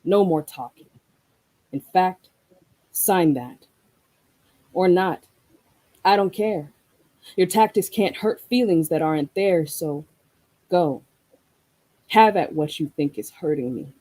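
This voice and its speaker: A guest poet performs spoken-word verse in a mellow, mid-range, medium-pitched voice, delivering it deliberately and rhythmically with plenty of expression. Between pieces, she shifts into relaxed, reflective conversation with the same warmth, though the recording quality is low.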